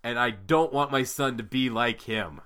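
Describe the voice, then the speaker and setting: A man in his thirties, a podcast host telling funny family stories in casual chat, animated and mock-serious. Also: medium pitch, a little slow.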